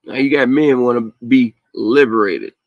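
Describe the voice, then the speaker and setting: Man, podcast host, casual rant, blunt, heated, slangy, mid-pitched voice, dry close sound. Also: normal speed, dry recording, dull audio.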